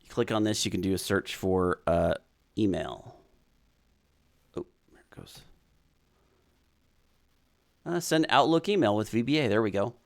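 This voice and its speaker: A man hosting a casual live stream, chatting and reading viewer comments aloud as he thinks out loud. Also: fairly low pitch, lively intonation, a little slow, creaky, long pauses.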